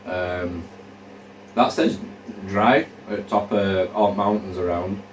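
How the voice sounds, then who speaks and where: A man's voice: low voice, fairly even intonation, takes it slowly, distant mic, slight background noise. A man, a hiker talking casually to camera and thinking aloud with plenty of fillers as he plans his route. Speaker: hiker vlogger. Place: indoors, room where he is drying socks under a fan. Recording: echoey room, voice off-mic.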